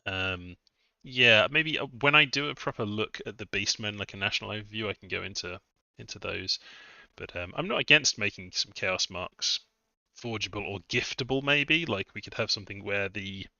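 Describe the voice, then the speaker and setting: Bright-toned chatty man streaming a game. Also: fairly low pitch, moderate pace, vocal fry, dry recording. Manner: chatty and self-mocking, muttering asides. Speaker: game modder streaming a test session. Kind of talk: casual live-stream commentary. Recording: dull, slightly lo-fi dry mic.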